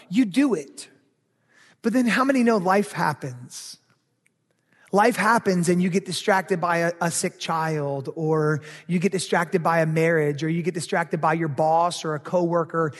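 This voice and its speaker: A male pastor with a high-pitched voice delivers a sermon in a church sanctuary. He speaks conversationally, questioning the congregation and playing out their private thoughts aloud. His words trail off into the long reverb of a large hall.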